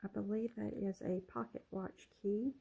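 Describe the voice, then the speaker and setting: A middle-aged woman casually showing her handmade journals in a vlog, soft-spoken and rambling, with lots of ums and self-corrections. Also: medium pitch, steady tone, normal speed, vocal fry, breathy edge, rough recording. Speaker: junk journal crafter showing her work. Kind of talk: casual show-and-tell vlog.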